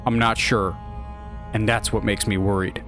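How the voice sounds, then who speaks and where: A man narrating a movie pitch in an enthusiastic, animated way. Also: moderate pace, soft background music. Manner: animated, lively.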